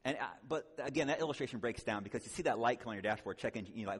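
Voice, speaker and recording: A man's voice: mid-range voice, rapid-fire, husky, in a large hall. A man speaking at a conference, teaching in a conversational way, often checking in with "right?" and adding joking asides. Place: conference hall.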